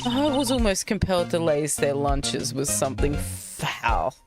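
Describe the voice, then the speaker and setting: A woman plays a haughty, vindictive lunch lady from a courtroom game, pitched low and purring, every line drawn out slowly with swooping scorn. Music plays steadily behind the voice. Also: sing-song. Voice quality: sneering, imperious. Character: haughty posh middle-aged cafeteria lady, vindictive.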